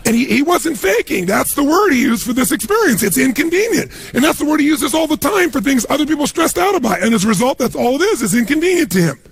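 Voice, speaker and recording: A man's voice: extremely high pitch, very animated, quick pace, gravelly, hardly any pauses, dry recording. A man giving a motivational talk, telling stories and acting out the voices of the people in them. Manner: storytelling, acts out quoted voices. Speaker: motivational speaker.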